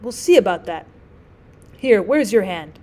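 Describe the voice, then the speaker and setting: A woman voicing a stern but tired and sad father in a story reading, speaking briskly and quietly tenderly. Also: fairly high pitch, animated, natural voice. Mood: stern, gentle.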